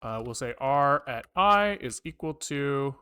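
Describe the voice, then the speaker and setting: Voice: mid-range voice, animated, a little slow, pushed and bright, clean tone. A programmer on a live coding stream, thinking aloud while typing and often swearing in frustration at the code.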